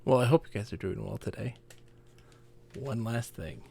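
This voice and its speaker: A man's voice: mid-range voice, normal speed, creaky, warm tone, breathy edge. A man live-streaming a game, chatting casually and muttering to himself in mild exasperation. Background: game music.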